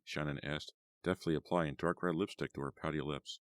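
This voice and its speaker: A man narrating an audiobook in a steady, even reading. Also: rumbling low, moderate pace, no echo.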